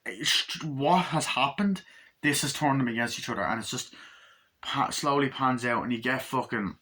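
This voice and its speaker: A man talks through a film he loves in a loose, rambling way, full of fillers and swearing. His voice sits at an ordinary pitch with a bright, forward edge. He keeps breaking into the film's lines as he retells the plot. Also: normal speed. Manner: retells scenes by acting out lines in raised, shouty voices, heavy swearing. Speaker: movie reviewer. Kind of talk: casual spoken movie review.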